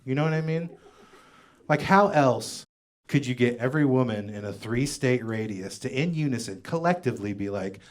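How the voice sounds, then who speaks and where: A man doing a stand-up comedy set on stage in a comedy club, with wry, deadpan asides that trail off. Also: mid-range voice, normal speed.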